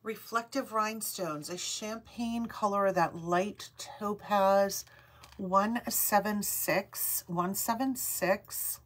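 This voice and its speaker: Husky-voiced woman hosting a live jewelry sale. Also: medium pitch, slow pace. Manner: chatty, upbeat, calls out item numbers. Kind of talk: live shopping stream chat.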